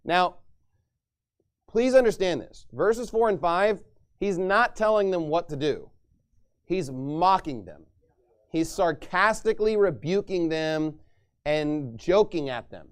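Male pastor, high-pitched, emphatic preacher; reads scripture aloud. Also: lively intonation, slow. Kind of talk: sermon.

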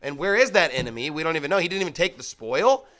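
A man's voice: fairly high pitch, big pitch swings, fast talker, fairly bright tone. A man teaching the Bible in a casual, conversational way, full of rhetorical questions and emphatic repetition. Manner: emphatic, repeats his points.

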